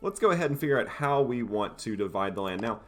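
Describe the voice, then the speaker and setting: A man casually commentating his own strategy game playthrough in a relaxed, wry, self-mocking way. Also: medium pitch, fast, soft background music. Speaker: gameplay commentator. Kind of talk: casual let's-play commentary.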